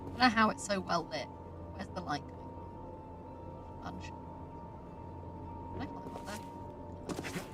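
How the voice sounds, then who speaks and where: A woman's voice: medium pitch, expressive, unhurried, pauses often. A woman streaming a video game, chatting casually, swearing and laughing at herself. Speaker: VTuber streamer. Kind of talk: casual gameplay commentary. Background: game music.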